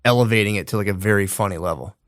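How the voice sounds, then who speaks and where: A man's voice: lowish voice, a bit bright, no room sound. Easygoing man in dry podcast banter. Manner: agreeable, laid-back banter with quick affirmations. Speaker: podcast co-host. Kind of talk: casual comedy podcast chat.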